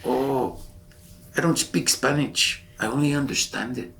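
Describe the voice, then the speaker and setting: A man's voice: medium pitch, steady tone, a little slow, a bit bright, voice pushed up, lightly acted. A man voicing an easygoing young male shipmate with an East Los Angeles accent and a laid-back, slangy way of talking.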